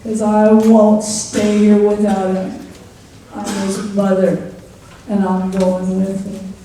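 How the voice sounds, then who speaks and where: A woman's voice: mid-range voice, monotone, takes it slowly, mellow, a little hiss or hum, close to an everyday voice. A woman performing a poor young trailer-park mother in a live one-woman theatre monologue, confiding her story and addressing the listener by name. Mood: earnest. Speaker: stage character. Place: theatre stage. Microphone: distant stage mic. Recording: echoey theatre from far off.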